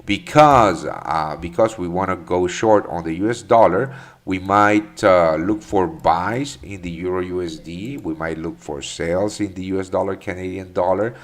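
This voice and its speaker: Deep-voiced man on a live trading stream. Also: normal speed. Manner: loose and profane, many fillers and restarts. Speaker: trading stream host answering chat questions. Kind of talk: casual live market commentary.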